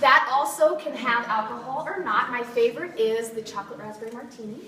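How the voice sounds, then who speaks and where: In a meeting room full of people, a woman who sells kitchenware at parties runs a cheerful, giggly demo and quizzes the crowd. Her pitch is fairly high, her delivery quick, pushed and bright. The room echoes, and the distant recording picks up plenty of noise.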